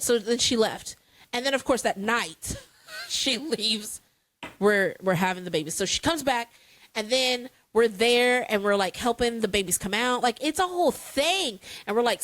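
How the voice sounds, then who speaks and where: A woman's voice: on the high side, animated, a little slow, fairly bright tone, low-quality recording. A woman co-hosting a casual chat, telling a story dramatically with playful exasperation. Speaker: podcast co-host.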